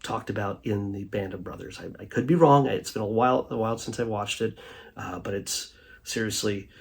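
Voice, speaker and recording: Husky man rambling through a review. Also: on the low side, fairly quick. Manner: rambling, many fillers and restarts. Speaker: host reviewing a streaming documentary. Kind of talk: casual spoken commentary.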